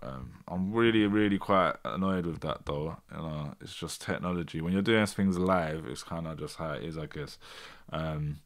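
A man's voice: rumbling low, moderate pace, hardly any pauses. A man hosting a live stream, chatting casually and getting frustrated with tech glitches. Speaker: host.

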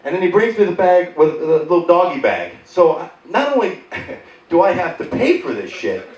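A stand-up comedian in his thirties performs on a theater stage before a live audience, telling sarcastic, animated stories and doing voiced impressions of the people in them. His voice is high-pitched at normal speed. The recording is roomy and distant, with loud crowd laughter.

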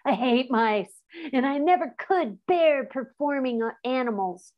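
Bratty complaining boy, wailing and high, as a woman reads him. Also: lively intonation, a little slow, dull audio. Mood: whiny. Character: whiny, rude boy who hates mice. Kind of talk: storybook read-aloud.

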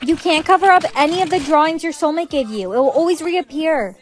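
A woman's voice: high-pitched, a little fast. A young woman acting in a comedy skit, delivering rules and warnings earnestly. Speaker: skit co-actor.

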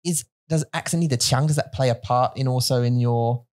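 A man's voice: medium pitch, brisk, darkish tone. An Englishman co-hosting a podcast in an easy, casual way. He stumbles and repeats words as he switches between English and Mandarin. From England. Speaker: podcast co-host. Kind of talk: casual bilingual chat.

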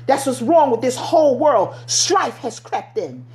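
A woman's voice: high-pitched, lively intonation, unhurried, a little mellow. A middle-aged woman preaching a sermon, fervent and exhorting, slipping into everyday vernacular as she urges her listeners.

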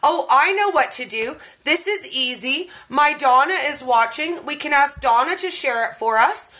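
Bubbly high-voiced woman hosting a live chat. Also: animated, normal speed, pushed and bright. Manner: bubbly, laughs often. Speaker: host. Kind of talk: casual live-stream chat.

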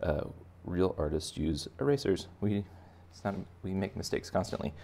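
A man's voice: deep voice, animated, normal speed, creaky, mellow, a little hiss or hum. A man giving a playful, chatty step-by-step drawing lesson for kids. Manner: playful, chatty, talks to children directly. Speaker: art teacher.

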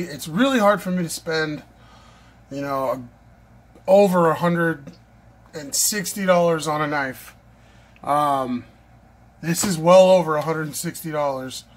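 A man's voice: fairly high pitch, a little slow, slight background noise. A man unboxing a knife for his vlog, gushing and breathless, repeating himself as he talks. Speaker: knife collector vlogger.

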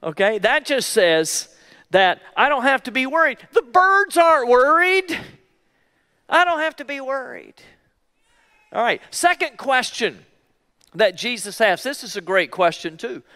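A male pastor preaching a sermon in an emphatic way, repeating key phrases slowly for weight. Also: extremely high pitch, expressive, pushed and bright, big-room sound. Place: church.

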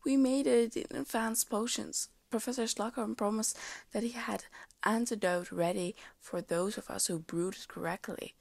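A woman doing a sharp-tongued teenage witch, gravelly. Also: mid-range voice, steady tone, moderate pace, no echo, voice pushed up. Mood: exasperated. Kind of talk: fan fiction reading.

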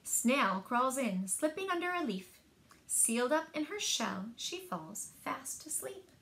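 Slow, rhythmic woman reading aloud. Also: sits high. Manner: rhythmic, expressive read-aloud. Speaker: librarian. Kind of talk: reading picture books aloud. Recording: echoey room.

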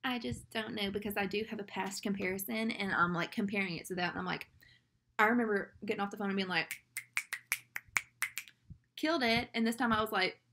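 A woman's voice: mid-range voice, steady tone, quick pace, bright, forceful tone, slight background noise. Anxious, rambling young woman. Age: young adult. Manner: anxious, rambling and self-doubting, with nervous laughs. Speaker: vlogger. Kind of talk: casual vlog talk to camera.

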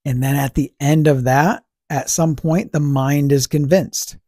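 Husky-voiced man musing aloud, dry sound. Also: fairly high pitch, fairly even intonation, unhurried, mellow, no echo. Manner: asks rhetorical questions and answers them himself; conversational, fillers like "you know" and "right". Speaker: podcast host. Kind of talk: casual reflective monologue.

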